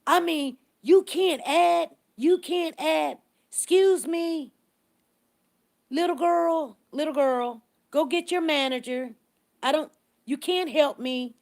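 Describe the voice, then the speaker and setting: A woman's voice: slow pace, creaky, a little mellow, exaggerated voice. A woman putting on the voice of an irate, entitled woman customer who demands to see the manager. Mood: indignant. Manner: shrill, haughty, condescending.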